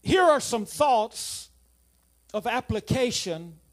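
High-voiced preacher with lively swings. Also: male voice, takes it slowly, soft background music. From South Louisiana. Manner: animated, swings from loud emphasis to quiet asides. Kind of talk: sermon.

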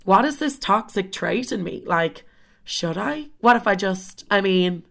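A young woman telling a story in a casual, animated way, swearing often and saying "like" constantly. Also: mid-range voice, a little slow, vocal fry. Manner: animated, swears a lot, heavy filler "like".

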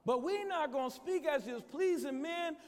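High-voiced man preaching with shouts. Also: animated, moderate pace. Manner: preaching with call-and-response to the congregation; shouts at peaks, drops low and quiet elsewhere. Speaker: guest preacher. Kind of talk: conference sermon. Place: large church sanctuary. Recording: echoey church hall.

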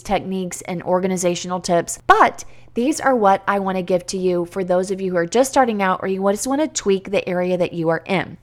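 A woman in her thirties hosting a solo podcast, earnest and encouraging, rolling through long run-on lists with the occasional restart. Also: mid-range voice. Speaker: podcast host and homeschool coach. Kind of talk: energetic solo podcast talk with a promo.

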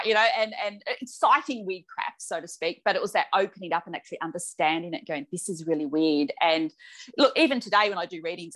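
A woman with a somewhat low voice talks casually as a podcast guest. She is a chatty storyteller who acts out the dialogue she quotes. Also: a bit bright. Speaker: clairvoyant medium guest.

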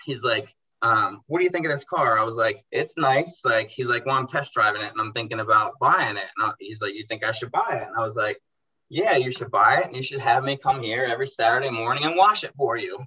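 A young man with an intensely bright, tense voice at an average pitch. He chats casually and animatedly about his detailing business. He acts out each exchange in quotes, with a bro here and there. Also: a little fast, muffled recording. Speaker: car detailing business owner. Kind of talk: casual storytelling in a podcast chat.

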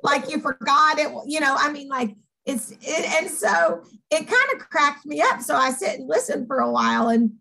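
A woman with a Southern accent, co-hosting a casual talk show and telling stories in an animated, rambling way. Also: high-pitched, moderate pace, gravelly, few pauses, poor audio. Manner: animated, upbeat, rambling storyteller. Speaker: podcast co-host, organization co-founder. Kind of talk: casual chat.

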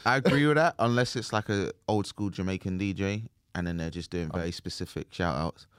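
A man's voice: low voice, a little fast, clean tone, dry recording. A man co-hosting a podcast, chiming in with jokes and quips in a casual studio chat. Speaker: podcast co-host.

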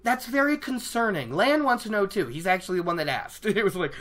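A book vlogger talking casually to their viewers, excitable and rambling, often restarting sentences and laughing at themself. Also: medium pitch, a little fast. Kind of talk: casual book discussion to camera.

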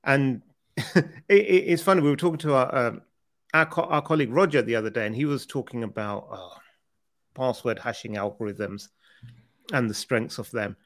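A man's voice: mid-range voice, normal speed, pauses often. A British man co-hosting a casual podcast chat, talking loosely, laughing often and repeating words as he goes. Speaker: podcast co-host.

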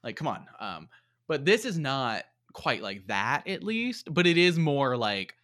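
A man's voice: mid-range voice, big pitch swings, a little slow, fairly bright tone. A man casually reviewing a movie on a podcast, rambling with lots of fillers. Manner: rambling, many fillers and likes. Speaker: podcast co-host.

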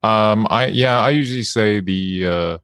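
A man, a video game actor, chatting as an interview guest, relaxed and laughing often, with hesitant fillers. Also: lowish voice, a little slow, no echo, studio quality. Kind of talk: casual interview chat.

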